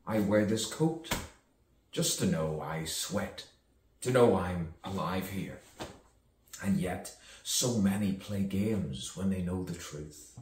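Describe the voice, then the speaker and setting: A man's voice: deep voice, slow, a little mellow, slight background noise. A man improvising rambling, theatrical spoken-word musings, repeating words and chasing rhymes as he goes. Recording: echoey room, distant mic, faint ambience.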